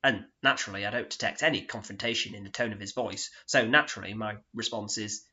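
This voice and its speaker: Brief: dry self-mocking man for a solo stage monologue, bright tone, dull sound. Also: lowish voice, fast. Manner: deadpan, sardonic, self-mocking. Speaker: solo performer narrating in character. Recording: dull lo-fi recording.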